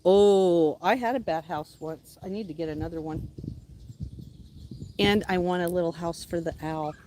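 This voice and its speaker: A woman vlogging outdoors, excitedly calling and cheering at a squirrel, then dropping to mutters. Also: lowish voice, normal speed, background noise. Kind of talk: casual outdoor vlog. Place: outdoors, yard near a hill road.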